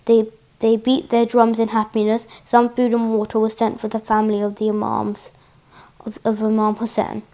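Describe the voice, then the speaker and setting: A woman reading a religious story aloud for children, gentle and steady, with small restarts. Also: a little high, normal speed.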